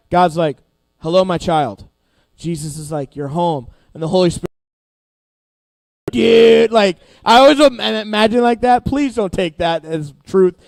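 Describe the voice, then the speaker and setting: A man's voice: high voice, dry recording. A young man giving a youth sermon, a casual, joking storyteller who acts out quotes as he goes. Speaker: youth pastor. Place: church youth service hall.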